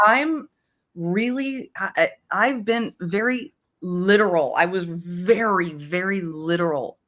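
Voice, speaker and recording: A woman guest in casual conversation, her voice slightly low. She speaks hesitantly, stammering and repeating words before her thoughts come out. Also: takes it slowly, fairly bright tone.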